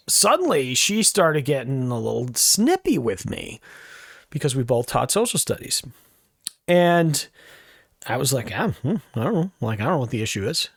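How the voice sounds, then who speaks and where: New man, podcast host, rambling storyteller with a lively, up-and-down delivery, dry close mic. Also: on the high side, no room sound. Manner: rambling, chatty, with asides. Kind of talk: casual storytelling monologue.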